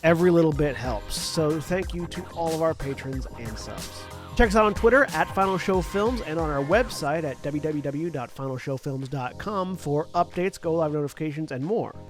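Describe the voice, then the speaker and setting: An upbeat man with a fairly high voice runs a tabletop game stream. He laughs easily and keeps things moving, with faint music playing underneath. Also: moderate pace. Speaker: game master and executive producer.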